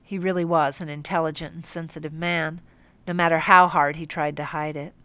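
A woman's voice: deep voice, fairly even intonation, fairly bright tone, no echo. Young woman reading an audiobook, firm. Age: young adult. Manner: measured, firm, teacherly. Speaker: audiobook narrator. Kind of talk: first-person audiobook narration.

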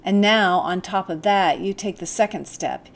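A woman narrating a first-person novel as an audiobook, in a calm, measured, gentle reading voice. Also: mid-range voice, vocal fry.

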